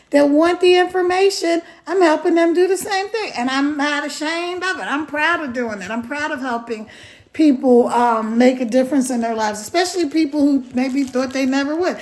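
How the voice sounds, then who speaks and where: A middle-aged woman chatting casually on a live stream, rambling and greeting viewers by name. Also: sits high.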